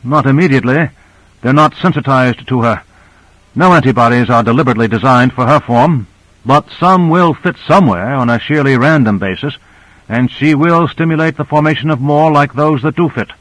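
A man voicing a calm, knowledgeable male scientist who explains things in a measured way, in a read-aloud story. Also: medium pitch, dry recording, voice pushed up, natural voice, poor audio. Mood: explaining.

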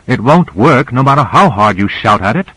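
Audiobook figure: a tart, doubtful young woman, as a male reader puts her on, lifted pitch, dry. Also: expressive, normal speed, fairly bright tone, husky, no echo, rough recording. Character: Cora, doubtful young female technician. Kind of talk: audiobook character reading.

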